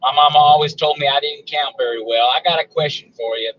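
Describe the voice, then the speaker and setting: Southern guy on a call-in, folksy and teasing, kinda high voice, dull lo-fi line. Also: brisk, a bit bright. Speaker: caller. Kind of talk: casual call-in banter.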